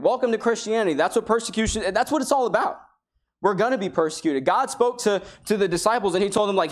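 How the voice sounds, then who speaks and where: A man's voice: high-pitched, animated, brisk. Man preaching in a conversational style. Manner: conversational preaching, acts out quoted people. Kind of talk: sermon. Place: church sanctuary.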